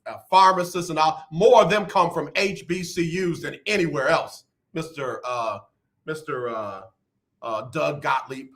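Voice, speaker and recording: A middle-aged man hosting a radio talk show, animated and rambling with playful drama. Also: on the high side. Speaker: radio host. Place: radio studio.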